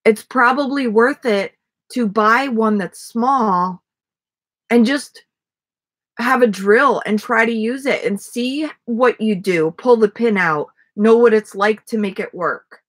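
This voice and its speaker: A woman's voice: a little high, animated, unhurried. A middle-aged woman chatting casually on a livestream from a front yard, rambling with many fillers and restarts. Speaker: vlogger.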